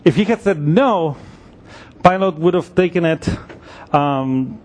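Man preaching a sermon, fairly high voice. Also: slow, darkish tone. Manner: explanatory, thinking aloud with fillers and restarts.

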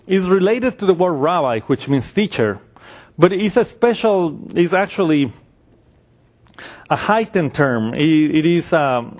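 A preacher gives a sermon in a relaxed, conversational way, his voice a little high for a man. Every so often he briefly takes on the voices of the people in his story.

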